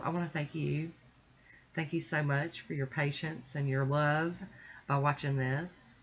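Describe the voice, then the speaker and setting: Chatty woman with a bright, dull-sounding voice. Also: sits low. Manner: relaxed, rambling, with fillers and small laughs. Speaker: nail art vlogger. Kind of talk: casual chatty tutorial narration. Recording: dull lo-fi audio.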